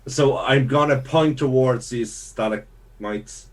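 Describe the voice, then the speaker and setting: A man's voice: medium pitch, slow. A man playing a tabletop game, hesitant and thinking aloud as he asks questions. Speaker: player.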